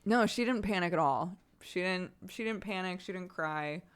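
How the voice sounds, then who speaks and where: Woman streamer, 30s, lowish pitch, casual and rambling, answering chat. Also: moderate pace, clean tone. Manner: chatty, rambling with many restarts. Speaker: livestreamer.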